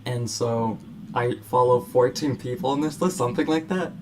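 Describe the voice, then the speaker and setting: A man's voice: mid-range voice, normal speed. A young man from California hosting a podcast, telling loose stories in casual chat and laughing often. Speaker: podcast host. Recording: noticeable background noise.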